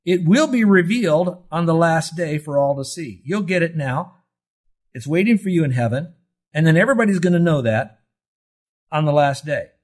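With a fairly high voice, lively intonation and moderate pace, a pastor in his seventies preaches emphatically. He poses rhetorical questions and has listeners circle and underline words as he teaches.

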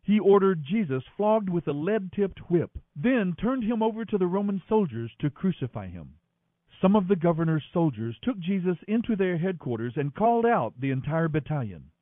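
A man doing a daily Bible reading in an expressive, dramatic manner. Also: sits high, moderate pace, no echo. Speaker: scripture reader. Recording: thin phone-like sound, dry.

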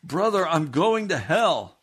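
A man's voice: fairly high pitch, expressive, extremely slow, voice pushed up, heavily acted. A man voicing a desperate, repentant man who wails and pleads for mercy. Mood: wailing. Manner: pleading, wailing.

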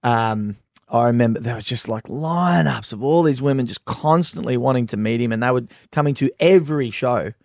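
A man's voice: mid-range voice, moderate pace, creaky, a little mellow, no room sound, clean studio sound. An Australian man, a musician guest, telling rambling stories and laughing often. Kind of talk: casual storytelling interview. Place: radio studio.

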